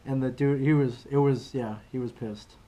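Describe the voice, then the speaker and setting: A man's voice: medium pitch, steady tone, normal speed, dark tone. A man co-hosting a podcast, chatting casually and telling a story with loose restarts and fillers. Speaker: podcast co-host. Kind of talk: casual chat.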